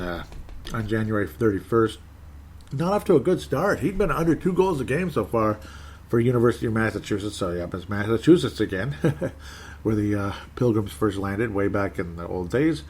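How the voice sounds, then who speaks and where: A man with a fairly low voice talks casually and at length, often stopping to correct himself and chuckling along the way. A faint ambient hum sits behind him. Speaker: hockey podcast host. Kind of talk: solo casual commentary on team prospects.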